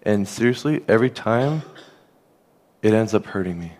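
A man preaching a sermon as a pastor, earnest and conversational, dropping softer on key phrases. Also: fairly low pitch, normal speed, long pauses.

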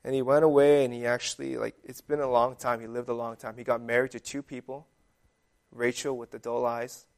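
Casual young man preaching, gravelly voice. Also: mid-range voice, flat delivery, fairly quick. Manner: conversational, full of fillers like "like" and "um". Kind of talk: casual sermon.

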